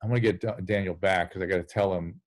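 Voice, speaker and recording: A man's voice: low-pitched, fairly even intonation, quick pace, rough recording. A man who is a physician, talking candidly and bluntly in an interview over a video call and swearing for emphasis. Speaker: addiction medicine physician on a call-in show.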